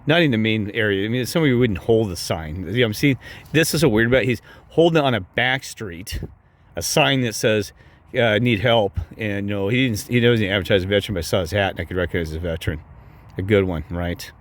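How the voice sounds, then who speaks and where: A man's voice: lowish voice, fairly quick. A man telling a rambling, heated story to his viewers. He curses often, keeps repeating "I said", and his voice jumps up when he quotes himself. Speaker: vlogger telling a personal story.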